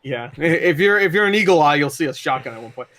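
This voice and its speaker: A man co-hosting a casual gaming podcast, excitable, laughing often and swearing freely. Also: a little high, quick pace, a crowd in the background. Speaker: podcast co-host.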